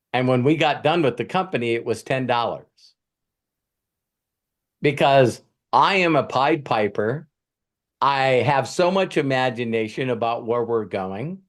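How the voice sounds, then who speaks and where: A man hosting a group coaching session, an animated storyteller who acts out the quotes. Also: mid-range voice. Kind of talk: motivational group coaching talk.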